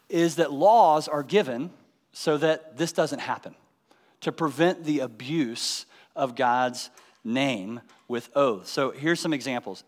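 Male Bible teacher, slightly high voice, long hall reverb, explains and quizzes listeners. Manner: explanatory, asks the audience rhetorical questions. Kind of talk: teaching sermon.

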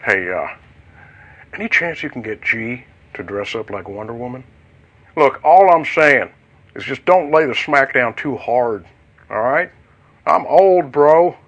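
A man's voice: mid-range voice, animated, unhurried, pauses often, a bit bright. A man doing an aging Southern football star. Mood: joking. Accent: Southern US, put on. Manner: rambling, self-mocking, folksy.

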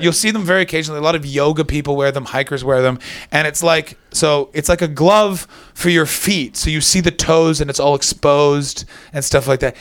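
A man's voice: on the high side, creaky. Sarcastic Canadian man doing stand-up. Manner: chatty, sarcastic, banters with the crowd. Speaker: stand-up comedian. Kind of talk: stand-up comedy set. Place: comedy club before a live audience.

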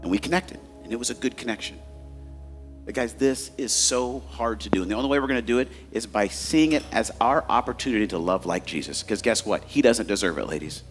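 A man's voice: on the low side, expressive, fairly quick, soft background music. A man in his forties preaching a sermon as a pastor, telling candid, self-mocking stories and addressing the crowd as guys.

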